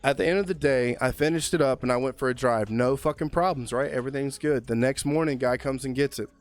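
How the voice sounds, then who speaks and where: A man's voice: medium pitch, quick pace, faint music behind. A young man, a car mechanic co-hosting a podcast, telling a long shop story in casual, profane chat. He keeps tagging lines with "man" and "right?". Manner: animated storyteller, heavy swearing, filler "man" and "right?".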